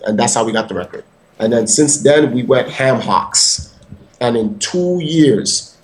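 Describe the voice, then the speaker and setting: Male podcast host, mid-pitched, casual rant, swearing, rambling. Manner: profane, emphatic, rambling.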